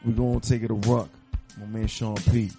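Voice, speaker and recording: A man hosting a casual hip-hop podcast, running a trivia quiz in an easygoing, deliberate way. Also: on the low side, flat delivery, gravelly, over music.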